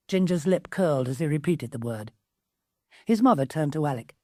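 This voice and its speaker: A woman's voice: moderate pace, no room sound, clean studio sound. A woman narrating an audiobook, shifting her voice for each character. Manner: voices many characters with lively pitch shifts. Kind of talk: scripted narration.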